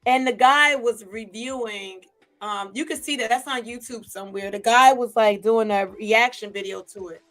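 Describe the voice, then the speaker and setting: Woman, gossipy live-chat commentary, higher voice, faint music behind. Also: normal speed. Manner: chatty, gossipy, animated. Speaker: vlogger.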